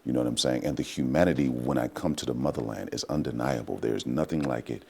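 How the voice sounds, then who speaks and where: A man with an extremely low voice and a gravelly, rough edge. His husky tone carries a heartfelt, reflective manner as he talks through an interview as an actor guest, leaning on "you know" between thoughts. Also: fast, darkish tone. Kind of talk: relaxed interview talk.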